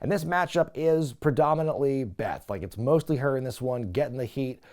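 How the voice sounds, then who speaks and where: A man hosting a casual wrestling recap, talking in an animated, chatty way with lots of filler words. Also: mid-range voice, moderate pace. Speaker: wrestling recap podcast host.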